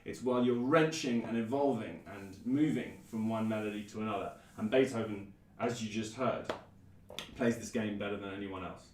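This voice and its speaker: A man presenting and explaining a piece of classical music in a thoughtful, measured way, with frequent ums. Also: on the low side. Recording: roomy echo, mic at a distance.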